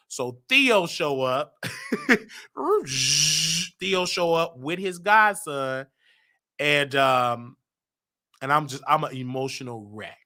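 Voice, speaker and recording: A man from Chicago with a Chicago accent, telling a personal story casually and acting out what people said with big jumps in his voice. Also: slow pace. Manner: animated, acts out quotes with big pitch jumps.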